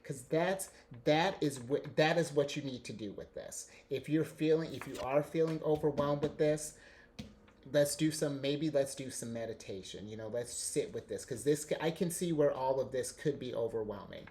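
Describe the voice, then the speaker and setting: A man giving a casual tarot reading, excitable and rambling, often restarting his sentences and laughing. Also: mid-range voice, normal speed, slight background noise. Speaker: tarot reader.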